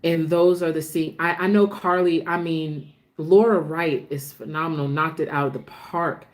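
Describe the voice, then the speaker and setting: A woman hosting a casual soap opera recap, chatting warmly and restarting her sentences as she gets emotional about the show. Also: low voice, steady tone, normal speed. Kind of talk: casual chat.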